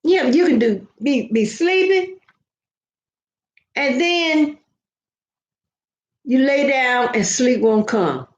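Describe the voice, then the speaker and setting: This older woman vlogs in a high, animated voice, taking things slowly and leaving long pauses as she tells her viewers meandering, folksy stories in a casual chat. The sound is roomy and somewhat dull.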